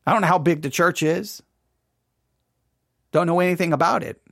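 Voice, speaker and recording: Earnest preaching man, high voice, dry close recording, restarts phrases often. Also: normal speed, creaky, a bit bright, dry recording. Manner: earnest, repeats and restarts phrases, rises when quoting cries. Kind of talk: impassioned sermon-style commentary.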